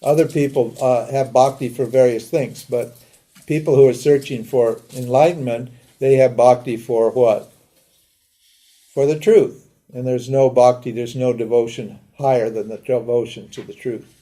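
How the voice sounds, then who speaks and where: Older man, spiritual teacher, live lecture, very warm dark voice, talks casually, asks listeners questions. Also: medium pitch, steady tone, normal speed. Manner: conversational, asks rhetorical questions, acts out pleading prayers. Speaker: Vedanta teacher.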